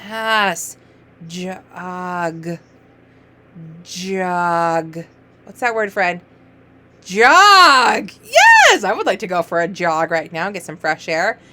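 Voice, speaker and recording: A woman's voice: on the low side, noisy background. A woman teaching early reading to young children, drawing out letter sounds and cheering each word with playful, sing-song praise. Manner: encouraging, sing-song, playful praise with gasps and exaggerated excitement; slow, drawn-out letter sounds.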